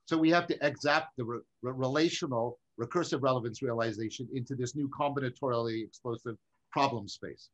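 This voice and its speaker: A man's voice: mid-range voice, brisk. A man hosting a casual discussion, eagerly affirming and building on his guest's points. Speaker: host. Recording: dull lo-fi call audio.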